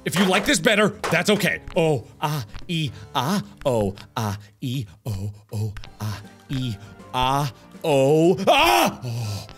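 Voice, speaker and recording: Excitable man yelling at a video game. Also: medium pitch, takes it slowly, faint music behind. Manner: loud, exasperated outbursts, talks to the game; swings from mock-soothing to yelling. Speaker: gaming video host. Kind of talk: game commentary.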